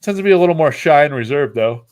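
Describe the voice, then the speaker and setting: This card-opening stream host from upstate New York has a fairly high, slightly mellow voice. He talks quickly and animatedly, drifting through loose, casual livestream chat stuffed with fillers.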